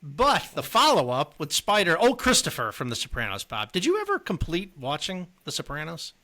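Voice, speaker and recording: A man's voice: a little high, wildly swooping pitch, normal speed, bright, forceful tone. A man co-hosting a casual movie podcast, enthusiastically prompting his co-host with questions.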